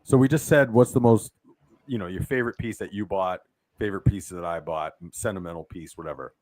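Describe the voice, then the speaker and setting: A man co-hosting a casual livestream chat, talking with lively enthusiasm. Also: deep voice, fairly quick, dry recording. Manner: animated, enthusiastic. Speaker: co-host.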